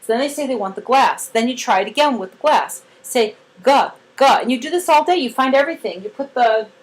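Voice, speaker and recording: Woman trainer, kinda high voice, chatty, acts out little scenes with lots of "like". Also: fast, poor audio. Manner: animated storyteller acting out quotes, many "like" fillers; cheerful voiced praise bursts. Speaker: therapy trainer. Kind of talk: casual training talk.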